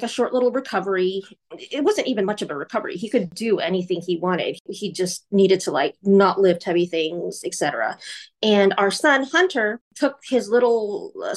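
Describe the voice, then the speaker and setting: A woman guest candidly recounting her personal story in an interview. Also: medium pitch. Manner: candid, earnest, recounting vividly.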